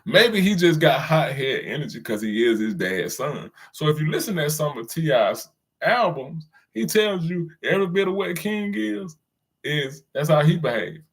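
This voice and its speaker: A man talks straight to his audience in a loose, slangy rant. His voice sits a little high for a man. He drifts between asides and chuckles at his own jokes. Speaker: commentator hosting his own channel. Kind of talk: casual commentary rant.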